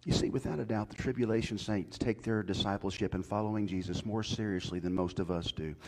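A man preaching a sermon to his church, swinging from loud calls to soft whispers. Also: fairly low pitch, fairly even intonation, a little fast. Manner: folksy, swings from shouted to whispered. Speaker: pastor.

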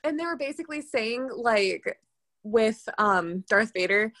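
A young woman, a college student, chatting casually in a quick, giggly way full of "like" and fillers. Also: a little high, animated, sharp tone. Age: young adult. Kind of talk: casual chat.

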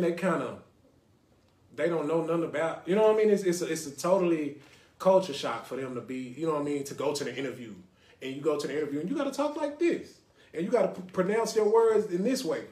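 A man's voice: fairly high pitch, a little mellow. A young adult man from Dallas, Texas, hosting a casual podcast and rambling, often asking "you know what I mean". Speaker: podcast host. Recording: roomy echo.

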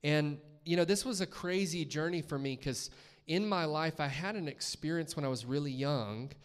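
A man's voice: on the high side, normal speed, smooth, in a large hall. A man from the States, a guest preacher telling his testimony in a conversational storytelling way, acting out his own reactions. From Columbus, Georgia, US. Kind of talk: testimony sermon. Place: church sanctuary.

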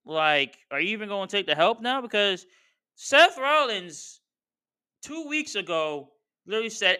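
A man's voice: high-pitched, sing-song, moderate pace, bright, forceful tone, smooth. A man hosting a podcast, giving a slangy, heated commentary rant and talking straight to the people he discusses. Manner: slangy, heated, talks straight to wrestlers and fans. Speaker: podcast host. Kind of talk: casual wrestling commentary rant.

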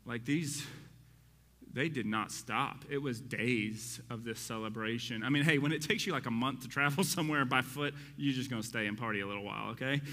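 A man teaching a Bible study to people in the room, in an excitable, conversational way that speaks straight to his listeners. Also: mid-range voice, a little fast, in a large hall.

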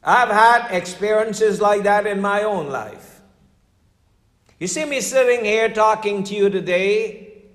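An older man, a pastor, preaching a conversational sermon full of stories, sometimes dropping his voice low for emphasis. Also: slow, a bit bright, echoey room, in a large hall. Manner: storytelling, conversational preaching with dramatic drops in voice.

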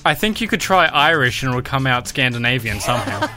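A man's voice: medium pitch, animated, fast, over music. A man co-hosting a podcast, teasing his co-host with dry jokes in casual banter.

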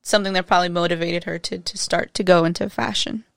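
A woman co-hosting a casual movie podcast, relaxed and quick with short replies. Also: fairly low pitch, gravelly, dry recording, clean studio sound. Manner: relaxed, brief replies, laughs easily. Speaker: podcast co-host.

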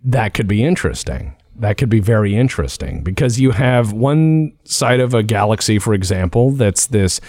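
A man hosting a podcast in loose, casual chat, his pitch swinging widely as he hops from one idea to the next. His voice is close and dry, with little room sound around it. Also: normal speed, hardly any pauses, dry recording. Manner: animated, jumps between ideas. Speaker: podcast host.

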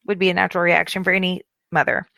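A woman's voice: fairly low pitch, steady tone, very fast, vocal fry, sharp tone, dry recording. A woman in her thirties chatting casually as a podcast co-host, rambling and cutting herself off as she goes, tired and yawning. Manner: chatty, rambling, self-interrupting. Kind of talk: casual chat.

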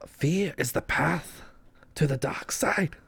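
A man putting on the voice of a tiny old male alien sage, speaking slowly in a wandering mock accent. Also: fairly high pitch, gravelly, a bit bright, husky, voice pushed up, heavily acted. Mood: solemn.

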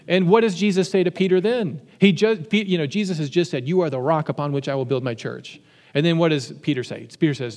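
Conversational preacher in a reverberant hall. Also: male voice, on the high side, fairly quick, a little mellow. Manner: conversational, asks the listeners questions. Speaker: pastor. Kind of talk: sermon.

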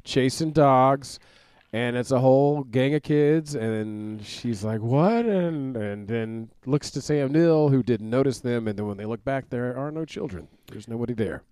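Guy retelling a movie plot, mellow warm voice, dry close sound, acts out the lines. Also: mid-range voice, a little slow, smooth, no echo. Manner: animated storytelling, acts out quoted lines. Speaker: podcast co-host. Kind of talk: casual movie recap chat.

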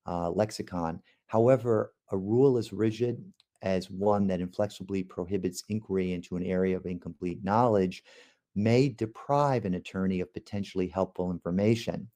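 A man's voice: sits low, normal speed, dark tone. A man, a trial lawyer, giving a podcast lecture on cross-examination in a conversational way, with frequent ums and uhs.

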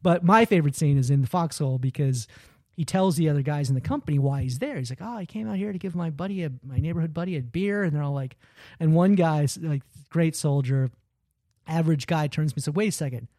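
Man, slightly higher voice, mellow tone, lively storyteller doing character lines, dry close sound. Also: fast, dry recording. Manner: animated storytelling, acts out quoted lines. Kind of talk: casual chat retelling a film.

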